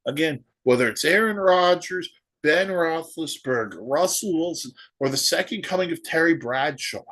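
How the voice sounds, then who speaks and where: A man's voice: fairly high pitch, animated, normal speed, fairly bright tone. A man hosting a solo sports podcast, ranting and firing off rhetorical questions. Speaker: podcast host.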